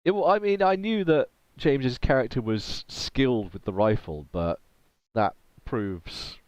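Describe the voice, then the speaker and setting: A man acting as game master of a tabletop game, chatting in a relaxed way and laughing often. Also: medium pitch, measured pace, no echo, lo-fi sound. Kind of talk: running a tabletop game over voice chat.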